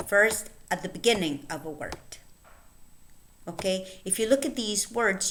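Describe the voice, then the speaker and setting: A woman teaching English pronunciation, reading word lists aloud with careful, clear enunciation and pauses between words. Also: fairly low pitch, bright, forceful tone. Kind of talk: slow, deliberate word-list reading for learners.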